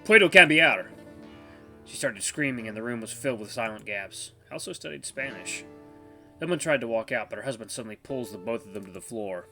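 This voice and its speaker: A man's voice: fairly low pitch, fast talker, vocal fry, fairly bright tone, faint music behind. A young man hosting a gaming channel, reading a visual novel aloud in a playful, jokey way. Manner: playful, jokey, laughs often.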